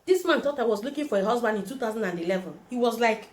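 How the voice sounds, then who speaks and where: A woman's voice: on the high side, quick pace. A young Nigerian woman with a Nigerian accent, telling a personal story in a vlog and acting out the people she quotes. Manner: animated, acts out quoted voices. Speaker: vlogger.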